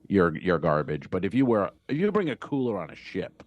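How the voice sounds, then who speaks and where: A man's voice: low voice, sing-song, a little fast, highs cut off. A man co-hosting a comedy podcast, chatting casually and cracking loose jokes. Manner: loose, joking, riffs with asides. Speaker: podcast co-host.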